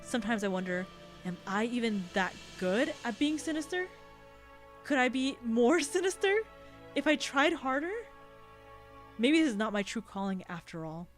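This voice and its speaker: A woman's voice: on the high side, big pitch swings, moderate pace, soft background music. A woman voicing a haughty, sinister female alien noble who broods over her loneliness as she reads a visual novel aloud. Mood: brooding. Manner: brooding, self-pitying monologue.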